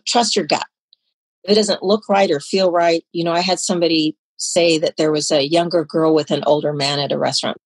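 A woman's voice: lowish voice, dry recording, low-quality recording. Earnest woman explaining, dry sound. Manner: earnest, explanatory, checks for understanding. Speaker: anti-trafficking expert guest. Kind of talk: informative interview answers.

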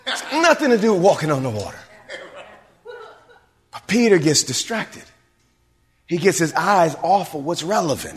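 Male pastor preaching in a big echoing sanctuary, fairly high voice with a wide range. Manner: preacherly call-and-response, swinging between hushed and shouted. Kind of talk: sermon. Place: church sanctuary. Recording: long hall reverb.

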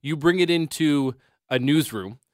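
A man co-hosting a radio show, rambling excitedly in casual studio chat. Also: a little high, measured pace, dry recording. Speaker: radio co-host.

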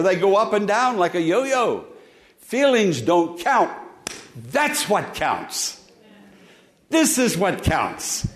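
A male pastor delivering a sermon, his fairly high voice rising loud for emphasis and then dropping to soft, low asides. He calls on the congregation to repeat lines back to him. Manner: leads the congregation in call-and-response.

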